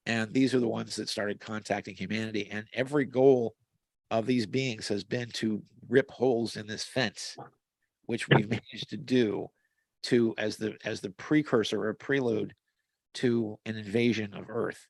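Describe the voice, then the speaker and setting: A man with a gravelly, fry-edged voice tells long rambling stories, full of restarts and fillers. He sounds close and dry, as if on a video call. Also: fairly low pitch, steady tone, moderate pace, no echo. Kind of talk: casual conversational storytelling. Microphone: video call mic.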